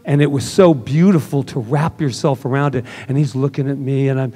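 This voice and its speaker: A man delivers a relaxed, conversational sermon, mixing stories with acted-out bits of dialogue. His voice sits at a middling pitch, and his tone stays chatty rather than formal. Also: a little fast, husky. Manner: casual and chatty, acts out quoted dialogue. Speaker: minister. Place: church service.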